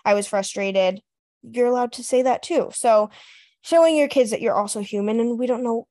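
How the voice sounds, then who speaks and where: A woman's voice: on the high side, normal speed, darkish tone. Mom in her thirties chatting on a podcast, laughs a lot, acts out talking to her kids. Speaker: podcast co-host. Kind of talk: casual chat.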